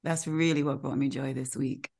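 A woman co-hosting a podcast, telling a personal story in a casual, animated way and acting out the voices of the people in it. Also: a bass voice, normal speed, vocal fry. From Caribbean. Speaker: podcast co-host. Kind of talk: casual chat.

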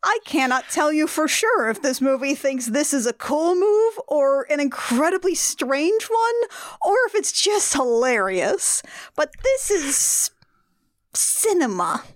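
A woman's voice: high-pitched, a little slow, no echo, studio quality. Sardonic woman hosting a podcast. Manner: sardonic, animated storytelling with swearing. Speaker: podcast host. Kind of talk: casual movie-review chat.

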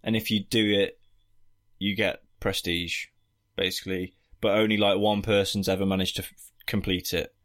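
A man's voice: deep voice, little pitch movement, normal speed, fairly bright tone. A man co-hosting a podcast, recapping a film in a rambling, joking way with lots of fillers. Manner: rambling, with frequent fillers and jokey asides. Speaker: podcast co-host. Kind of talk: casual film-review chat.

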